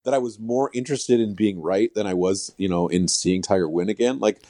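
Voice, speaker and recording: A low-voiced man speaks as a guest on a casual podcast, rambling through his thoughts with an amused, self-mocking edge. His voice is dry and close, with no room sound. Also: a little fast, mellow, no echo. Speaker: sportswriter guest. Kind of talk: casual chat.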